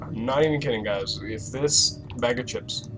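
A young man commentating a horror game let's play, swearing a lot and reacting loudly with jumpy outbursts. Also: medium pitch, normal speed, music in the background. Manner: loud, profane, jumpy reactions. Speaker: gaming YouTuber.

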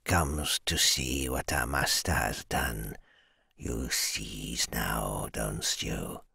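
A hulking scaly lizard man in a fantasy audiobook, his voice sunk very low, gravelly and breathy. He drags out his broken, ungrammatical words at a crawl, all looming threat. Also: steady tone, pushed and bright, dry recording, clean studio sound, heavily acted. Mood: menacing. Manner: broken grammar, slow hissing menace. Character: menacing male lizard man captor.

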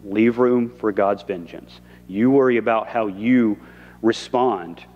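Pastor preaching in a reverberant church. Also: male voice, on the low side, takes it slowly, dull audio. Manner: conversational preaching, acts out quoted lines. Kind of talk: sermon. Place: church sanctuary.

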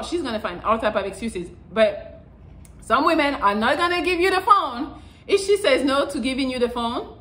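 A woman's voice: high-pitched, expressive, normal speed, a bit bright, low-quality recording. A woman vlogger giving frank, profane dating advice in a loose, rambling way. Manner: blunt and profane, rambling with fillers. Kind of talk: casual talking-to-camera advice.

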